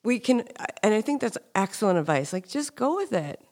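A woman's voice: mid-range voice, big pitch swings, brisk, darkish tone. A woman hosting an interview in a chatty, encouraging, conversational way. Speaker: host.

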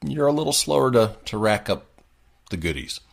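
Deep voiced guy cohosting a podcast, bouncy delivery, laughs a lot. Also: moderate pace, vocal fry. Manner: laughs easily, relaxed. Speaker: podcast co-host. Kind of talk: casual chat.

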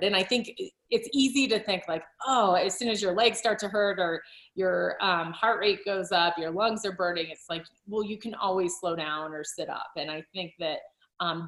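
A woman's voice: on the low side, a bit bright. Chatty woman in an echoey room. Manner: chatty, laughs often, many fillers and restarts. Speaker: cycling coach and author. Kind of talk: casual podcast interview. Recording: roomy echo.

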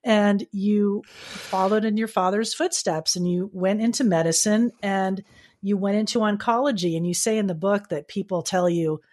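A woman's voice: medium pitch, fairly even intonation, moderate pace, darkish tone. A woman interviewing an author, engaged and asking long flowing questions. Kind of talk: conversational interview.

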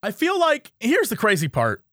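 A young man tells a story in casual podcast chat, animated and amused with himself. His voice sits high for a man. The sound is close and dry, with no room around it. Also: normal speed, no echo.

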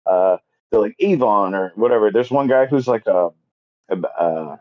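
A man's voice: on the low side, animated, moderate pace, lo-fi sound. A man on a podcast casually recapping a movie plot, rambling with lots of fillers and acting out the characters' lines. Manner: rambling, filler-heavy retelling with acted-out quotes. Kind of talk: casual chat.

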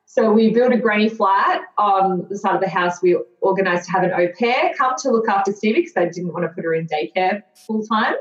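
A woman in her thirties appears as a podcast guest, recounting her own experiences with candor and earnest reflection, plus occasional self-deprecating sarcasm. Her medium-pitched voice moves a little fast with few pauses, captured in a dull, roomy lo-fi recording.

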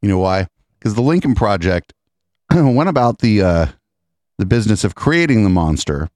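A man with a very low voice hosts a casual podcast, sardonic and profane in his asides. The sound is dry and close, with no room echo. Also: sing-song, moderate pace, a little mellow. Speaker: podcast host. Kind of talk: casual political chat.

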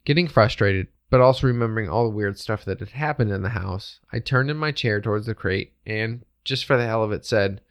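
A man with a low, gravelly voice reads a ghost story aloud. His delivery is steady and matter-of-fact, like a host reading a listener's tale. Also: fairly quick.

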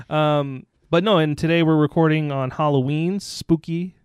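A man's voice: a little high, fairly even intonation, unhurried, darkish tone, clean tone, no echo, clean studio sound. A man from the United States co-hosting a podcast in casual chat, joking and teasing himself, with many ums and restarts. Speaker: podcast co-host.

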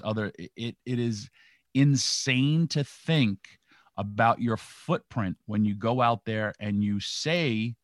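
A man's voice: mid-range voice, no room sound, clean studio sound. A man hosting a radio talk show, talking in an emphatic, rambling way.

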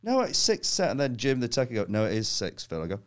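A man's voice: on the low side, animated, fast. A man, a comedian guest, telling stories in casual chat, laughing often and acting out the people he quotes.

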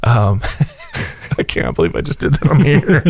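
Giggly radio co-host man, lively voice. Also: medium pitch, slow pace, husky. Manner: giggly, self-mocking, laughs often. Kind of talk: casual on-air banter.

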